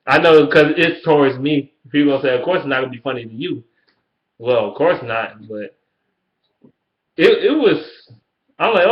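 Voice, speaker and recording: A man ranting in a fan video, trash-talking the rival team, swearing freely, and jumping into high mocking sing-song taunts. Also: moderate pace. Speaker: sports fan vlogger. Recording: echoey room, dull lo-fi sound.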